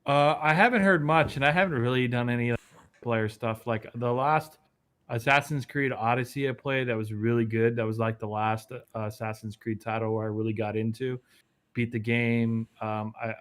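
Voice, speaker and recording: A man co-hosting a casual gaming podcast from a remote line that sounds choppy and robotic, delivering dry, deadpan jokes. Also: medium pitch, moderate pace, clean tone. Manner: deadpan joking, dry sarcasm. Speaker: podcast co-host. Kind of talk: casual chat about video games.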